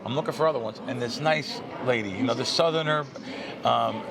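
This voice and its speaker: A man's voice: mid-range voice, fairly quick, vocal fry, crowd noise. A man telling a long story in casual chat on a podcast, acting out the voices of the people in it. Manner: animated storyteller, acts out quoted voices. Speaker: podcast host, pro sports bettor.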